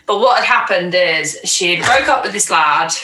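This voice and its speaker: A woman co-hosting a podcast, telling stories in animated, sweary casual chat. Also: lowish voice, moderate pace. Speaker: podcast co-host. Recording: roomy echo, faint noise.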